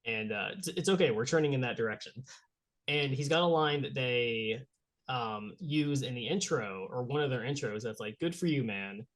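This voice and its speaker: A man's voice: mid-range voice, moderate pace, a bit bright. A married man co-hosting a podcast, with dry, wry banter in casual chat. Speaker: podcast co-host.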